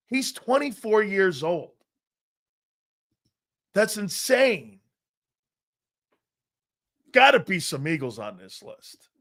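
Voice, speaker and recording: A man hosting a sports talk show, rambling through stories and growing animated as he reads out a list. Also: sits high. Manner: rambling storyteller, animated when reading a list. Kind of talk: casual sports talk monologue.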